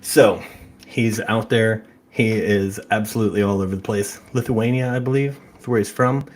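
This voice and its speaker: A man with a somewhat low voice hosts a live awards broadcast. He announces each category in a relaxed, matter-of-fact way. His talk is casual and unscripted. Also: moderate pace.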